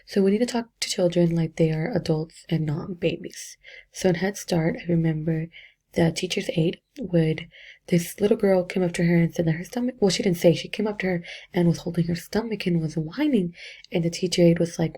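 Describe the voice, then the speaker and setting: A woman's voice: fairly low pitch, steady tone, fairly quick, mellow, husky. A young woman, an education student, casually reflecting on a book chapter in a chatty way with many fillers. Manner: chatty, filler-heavy, self-correcting.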